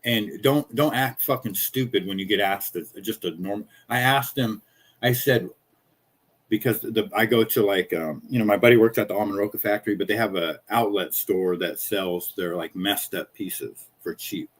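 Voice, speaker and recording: A husky-voiced man in his fifties holds forth in a casual, rambling monologue. His voice sits a bit low. He swears freely and tells his grievances with indignant heat. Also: moderate pace. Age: 50s. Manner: profane, rambling, indignant storytelling. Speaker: small-business chocolatier streaming.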